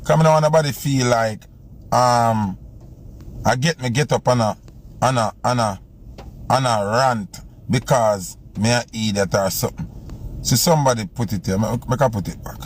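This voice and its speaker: A man's voice: medium pitch, moderate pace, slight background noise. A man with a Jamaican accent chatting casually on a phone live stream, rambling and repeating himself while he scrolls through comments. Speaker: selector going live.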